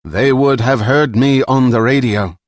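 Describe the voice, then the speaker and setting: A man's voice: mid-range voice, measured pace, dry recording, studio quality, natural voice. A male narrator voicing a ruthless, commanding female villain who threatens and gives orders. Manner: imperious, threatening.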